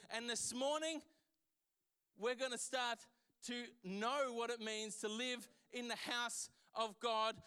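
A man's voice: very high voice, pushed and bright, smooth. A man preaching a sermon as pastor, emphatic and full of restarts and repeated words.

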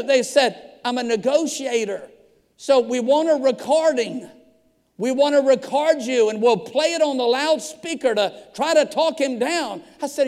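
A man preaching as a pastor, telling a story with lively acted-out dialogue. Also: very high voice, moderate pace. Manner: animated storyteller acting out dialogue. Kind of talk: storytelling sermon. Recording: long hall reverb.

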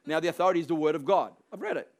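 A man preaches a sermon in a rather high voice. He leans hard on key lines and swells to forceful peaks, slipping into quick acted-out voices for the people he quotes.

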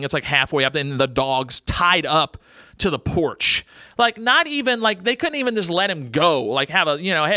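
A man's voice: medium pitch, sharp tone, dry recording, clean studio sound. A man hosting a radio talk show, rambling and blunt, with crude words and many fillers.

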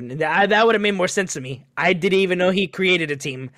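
A man's voice: on the high side, quick pace, hardly any pauses, fairly bright tone, no echo, studio quality. A man chatting casually about a video game, laid-back, swearing casually and mimicking characters. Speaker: podcast co-host.

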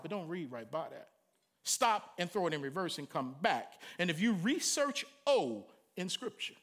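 Animated high-voiced male preacher. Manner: animated, humorous, conversational preaching with sudden loud cries. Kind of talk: sermon.

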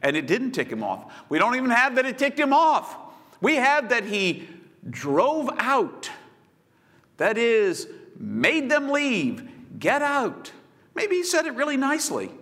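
A man preaching a sermon, telling the story with swings between loud bursts and hushed asides. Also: extremely high pitch, wildly swooping pitch, measured pace. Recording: long hall reverb.

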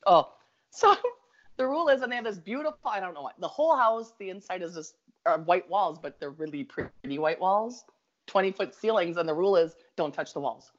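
A Minnesotan woman telling a long story in an easygoing, animated way, laughing as she goes and talking in eager bursts. The audio is a little dull and lo-fi. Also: medium pitch, brisk. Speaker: guest storyteller. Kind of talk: casual storytelling chat.

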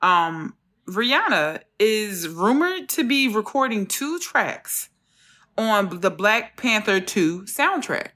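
A woman hosts a casual podcast chat. She retells stories in an animated way, laughing often as she goes. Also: mid-range voice, takes it slowly. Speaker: podcast host.

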